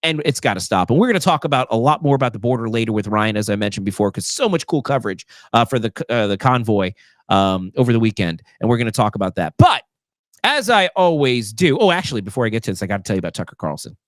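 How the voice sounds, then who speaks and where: A man hosting a casual political commentary show, animated and sarcastic, with many fillers. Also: on the low side, fast talker, no room sound, studio quality. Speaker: show host.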